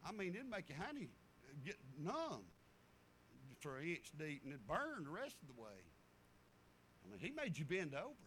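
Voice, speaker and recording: A man's voice: fairly high pitch, wildly swooping pitch, normal speed, pauses often, a bit bright, a little hiss or hum. A middle-aged man preaching a sermon in a folksy way, repeating himself and acting out stories.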